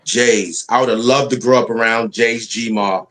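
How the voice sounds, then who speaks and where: A man's voice: medium pitch, fairly even intonation, a little slow, a bit bright. A man co-hosting a live stream panel, telling stories in casual, slangy, profane chat and acting out the voices he quotes.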